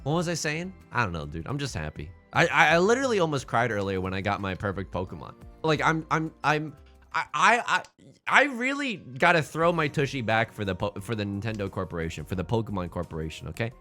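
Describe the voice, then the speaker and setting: A young man chatters through a game stream, his pitch bouncing all over in a lively, animated way. His voice is bright and forceful, and he rambles from one goofy joke to the next. Faint music plays underneath. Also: a little fast. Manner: rambling, goofy, jokey asides to chat. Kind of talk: casual live-stream chatter while playing mahjong.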